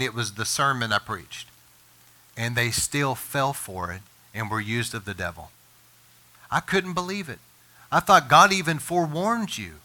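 A pastor delivering a sermon in an intense, bright and forceful voice of ordinary male pitch. He talks with the earnest urgency of a warning, his voice leaping up and growing louder at his strongest points. It is a man's voice, pressing and insistent throughout. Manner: impassioned preaching, rises in pitch and volume when emphatic.

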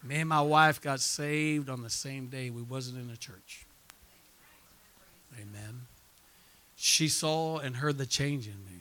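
A man preaching a revival sermon, punctuating his points with amens and calls for response, and dropping to a hushed tone when he tells his own story. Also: mid-range voice, slow pace, pauses often. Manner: drops quiet and hushed when telling his testimony. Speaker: pastor.

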